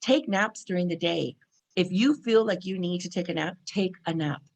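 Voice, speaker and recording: A woman's voice: on the low side, normal speed. A woman in her forties from California, talking casually about spiritual energy to camera, chatty and full of "you know" and "right?". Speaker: spiritual vlogger.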